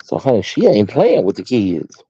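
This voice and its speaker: A sassy, chatty American man hosting a live stream, his pitch swooping up and down as he talks. His voice is dark and mellow, recorded dry and a little dull. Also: very animated, normal speed, husky, no echo. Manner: sassy, chatty, addresses viewers as honey and baby. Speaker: host. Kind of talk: casual live-stream chat.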